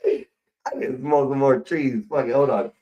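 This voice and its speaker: A middle-aged American man rambles through a casual, profane rant as a live stream host. His voice sits in a middle pitch and keeps swinging from loud, pushed bursts down to low, trailing mumbles. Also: normal speed, muffled recording. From United States.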